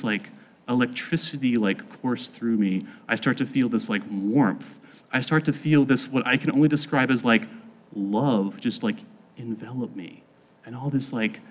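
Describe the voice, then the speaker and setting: Guy telling a personal story, super casual, says like constantly, plays out the dialogue. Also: medium pitch. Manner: casual, heavy use of "like", acts out quoted voices. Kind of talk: personal testimony.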